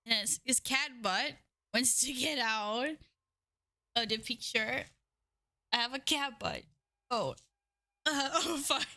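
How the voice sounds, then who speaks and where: Giggly high-voiced woman streamer. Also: animated, slow, pauses often, sharp tone. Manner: giggly, swears casually, reacts to chat. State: out of breath. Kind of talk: casual live-stream chat.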